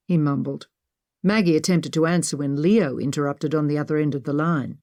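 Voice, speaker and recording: A woman narrating an adventure audiobook in a measured storytelling manner. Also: low-pitched, steady tone, dark tone, dry recording, clean studio sound. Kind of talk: scripted narration.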